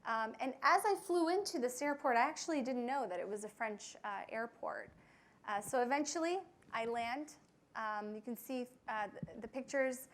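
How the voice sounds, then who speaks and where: A young woman pilot telling a flying story to an audience, with frequent fillers and lively quoted voices. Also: fairly high pitch. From United States. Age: young adult. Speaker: pilot giving a talk.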